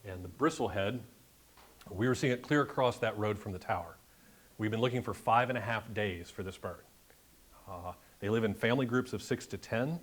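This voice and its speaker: With a fairly low, slightly rough voice at a moderate pace, a man presents as guest speaker at a bird club meeting. His slide-show talk on a birding trip, given to a live audience in a meeting room, is chatty and joking, with jokey asides.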